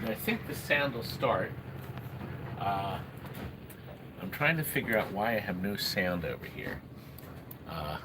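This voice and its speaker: A middle-aged man hosts a casual livestream in a mid-pitched voice. He rambles from topic to topic and calls out to viewers by name. Steady room noise sits behind him. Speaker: livestream host selling arcade games. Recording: noisy room ambience.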